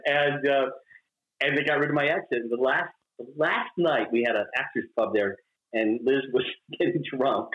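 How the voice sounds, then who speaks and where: With a medium-pitched voice at normal speed, an older Mississippi man from the US South chats as an interview guest, spinning stories, laughing a lot, and animatedly acting out quotes. The sound is roomy and dull.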